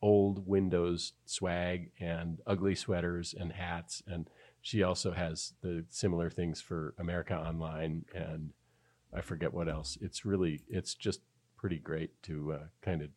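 A man co-hosts a podcast in loose, rambling conversation. His voice sits very low. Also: little pitch movement, a little slow, a little mellow. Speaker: podcast co-host. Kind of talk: casual podcast chat.

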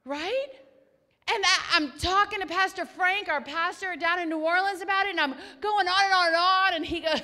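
High bright-voiced woman preaching. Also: a little fast, long reverb tail. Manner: swings from hushed whispers to loud exclamations; storytelling, animated and emphatic. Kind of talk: sermon.

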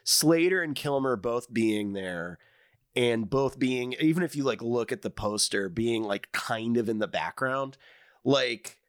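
A man's voice: mid-range voice, lively intonation, a little slow, clear, resonant tone, no room sound. Guy cohosting a movie podcast, laid back, lots of yeah yeah, dry close mic. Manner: easygoing, agrees a lot, trails off. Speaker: podcast host. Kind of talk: casual podcast chat.

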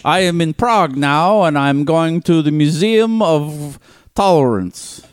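A blustering strongman leader with a heavy put-on Russian accent, as a man puts him on. He speaks slow, broken English, raised well above an everyday male pitch, and swings it around boastfully. The sound is dry and close. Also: animated, clear, resonant tone, no echo. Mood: pompous. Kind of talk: comedic impression.

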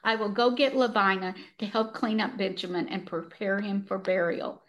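A woman reading the lines of a grieving man gently comforting his daughter-in-law, in her everyday voice. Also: medium pitch, steady tone, moderate pace, natural voice. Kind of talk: read-aloud dialogue from a novel.

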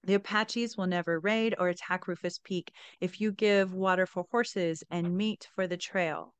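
A woman's voice: lowish voice, fairly even intonation, moderate pace, smooth, dry recording, close to an everyday voice. A woman reading the lines of a proud Apache chief who is making a bargain, in a solemn, declarative way.

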